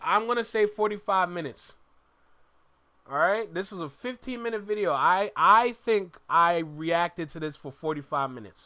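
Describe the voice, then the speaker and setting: A man hosting a live reaction stream, his voice bright and slightly high. He comments on the clip and calls out to his chat in a dry, close sound. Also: no room sound. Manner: repeats stock phrases, talks straight to chat.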